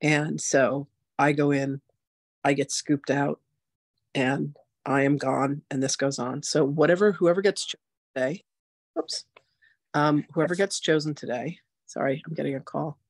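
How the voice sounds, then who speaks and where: A woman in her sixties hosting a spiritual masterclass, telling her story in a chatty, animated way full of "like" and "you know". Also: sits low, unhurried, no room sound, clean studio sound. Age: 60s. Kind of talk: casual personal storytelling.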